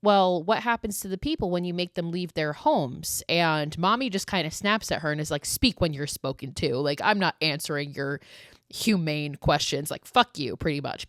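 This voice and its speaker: A woman's voice: lowish voice, no room sound, clean studio sound. A young woman hosting a podcast, recapping a horror film in a casual, profane, chatty way full of "like". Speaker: podcast host.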